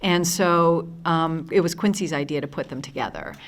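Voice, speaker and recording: A woman in her fifties from the United States, telling lively anecdotes at a convention panel with many fillers and restarts. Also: low voice, moderate pace. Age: 50s. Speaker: panel guest.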